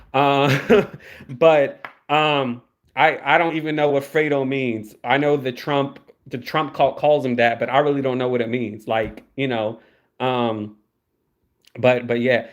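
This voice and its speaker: A young man giving casual livestream commentary, rambling, repeating words and swearing freely. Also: mid-range voice. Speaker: YouTube commentator.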